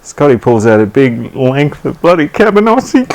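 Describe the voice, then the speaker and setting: A man's voice: medium pitch, heavy background noise. An Australian man co-hosting a rugby league show, joking around and prompting his partner with questions. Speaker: podcast co-host. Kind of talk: casual sports banter.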